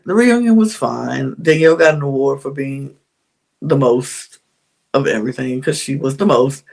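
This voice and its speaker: A woman's voice: extremely low pitch, gravelly. A woman hosting a podcast, giving a candid, chatty recap of a reality show, with frequent sighs and laughs. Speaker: podcast host.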